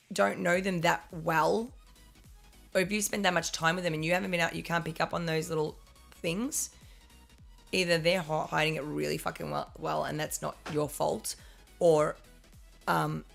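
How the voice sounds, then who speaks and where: A woman's voice: deep voice, steady tone, normal speed, gravelly, long pauses, soft background music. A woman co-hosting a live stream, talking casually and rambling through a point with restarts and swearing.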